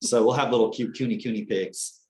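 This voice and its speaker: A young man on a casual podcast, telling animated stories, acting out quotes and swearing casually. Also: medium pitch, moderate pace. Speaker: podcast co-host.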